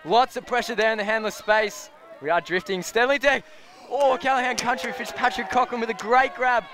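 A man's voice: very high-pitched, fairly quick. A man calling live play-by-play at an outdoor game, rising sharply on big plays and joking between points. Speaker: sports commentator. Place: outdoor sports field sideline. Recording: crowd noise and outdoor ambience. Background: crowd and outdoor noise.

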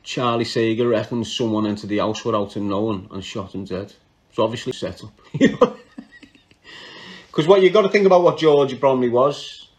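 A man's voice: medium pitch, moderate pace. A man with a Liverpool accent telling a crime story in casual, slangy talk, laughing often and breaking off mid-sentence. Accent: Liverpool (Scouse). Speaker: podcast storyteller.

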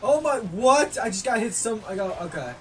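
A gaming YouTuber giving loud, excitable commentary, yelling and swearing at opponents while playing. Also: medium pitch, normal speed, far from the mic.

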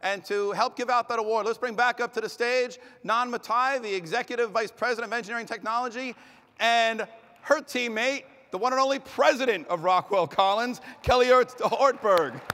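Through an echoing arena PA, a man hosts an awards show, making loud, energetic announcements at a moderate pace in an extremely high-pitched voice. Now and then he stumbles and corrects himself.

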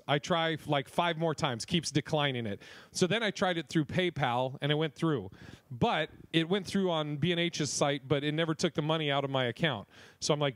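A young man hosts a podcast with a fairly high voice, rambling through a story and swearing freely. The sound is dry and close, with no room around it. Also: a little fast, no echo. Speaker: podcast host. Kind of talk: casual chat.

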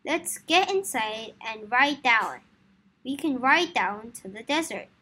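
A woman voicing a cheerful young girl in a storybook reading, bright and upbeat. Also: on the high side, expressive, slow pace, slightly rough, heavily acted.

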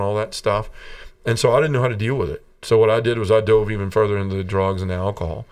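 A man's voice: fairly low pitch, fairly even intonation, fast, a little mellow, clean tone, recorded from a distance. A man from Tennessee, a podcast guest, telling his personal story in an earnest and emotional way. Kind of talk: personal testimony in an interview.

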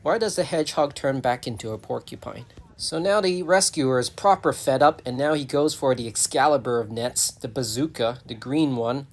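A man's voice: medium pitch, moderate pace. A man giving comic voice-over narration in a sardonic, joking manner with casual swearing.

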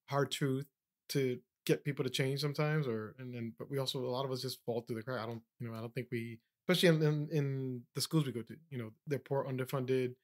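Laid-back man hosting a podcast. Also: mid-range voice. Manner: relaxed, agreeable, thinks aloud. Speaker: podcast host. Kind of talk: casual interview.

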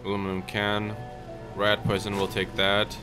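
Male let's-play host, lowish voice, chatty with viewers, game music clearly behind him. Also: monotone, moderate pace. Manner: chatty, talks to viewers, yelps when startled. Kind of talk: gameplay commentary. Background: game music and sounds.

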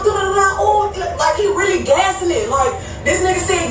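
Woman telling her story, brash and profane, high voice, far off in an echoey room, loud music behind. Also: expressive, moderate pace. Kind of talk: telling a personal story in a clip.

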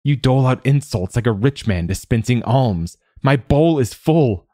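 Man voicing a giggly teenage boy novice, raised pitch, choking laughter, storybook. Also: lively intonation, normal speed, dark tone, no room sound, clean studio sound, close to an everyday voice. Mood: mirthful. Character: giggly teenage male novice, easily amused.

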